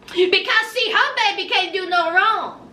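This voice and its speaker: Sassy, very high-voiced woman recapping. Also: a little slow, sharp tone, roomy sound, far from the mic. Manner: sassy, gossipy, addresses viewers. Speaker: recap vlogger. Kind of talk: casual reality-show recap.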